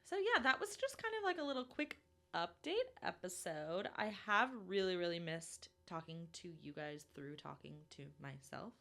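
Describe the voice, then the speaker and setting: A woman's voice: medium pitch, big pitch swings, brisk, a bit bright. A young woman from Minnesota hosting a solo podcast, chatty and self-deprecating, with lots of fillers. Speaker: podcast host.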